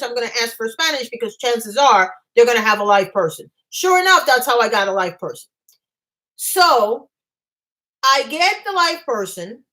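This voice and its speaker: A woman vlogger on a live stream at home, telling a story in a fast, agitated rush and stumbling over her words. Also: sits high, sharp tone, low-quality recording. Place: home apartment.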